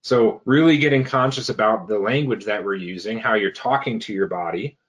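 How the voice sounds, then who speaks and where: A health coach giving casual advice, pausing often with fillers and restarting phrases. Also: male voice, on the low side. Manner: hesitant, many fillers and restarts.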